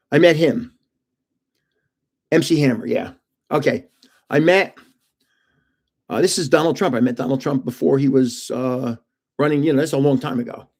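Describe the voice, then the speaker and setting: A man's voice: a little high, normal speed, long pauses, darkish tone. An older man hosting a live stream, telling rambling stories in a chatty way and laughing often. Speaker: host of a live card-opening stream.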